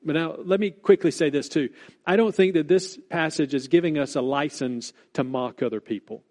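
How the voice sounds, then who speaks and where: A man preaching a sermon as pastor, earnest and deliberate, stressing key words and repeating them for weight. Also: on the high side, darkish tone.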